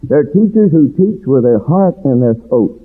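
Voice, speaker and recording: A male preacher delivers his sermon in a rhythmic cadence, his high voice leaping from hushed lows to ringing refrains. The tone is breathy and husky. The sound is thin and tinny, like a phone line. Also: expressive, moderate pace.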